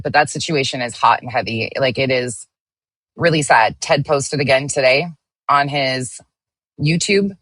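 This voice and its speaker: A woman streamer talks casually to her chat, greeting viewers one by one as she reads their comments. Her voice sits low in pitch but has a bright, forward edge. The sound is dry and close, and her delivery is blunt, with the occasional swear. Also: no echo. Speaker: livestream host.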